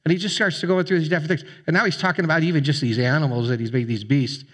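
A man's voice: on the high side, brisk. A man preaching a sermon as a pastor, speaking conversationally with frequent fillers and restarts. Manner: conversational, with fillers and repeated words.

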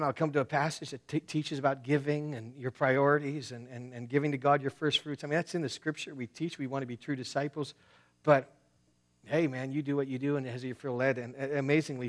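A man preaching a sermon as pastor, talking casually and swinging between loud bursts and hushed asides. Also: mid-range voice.

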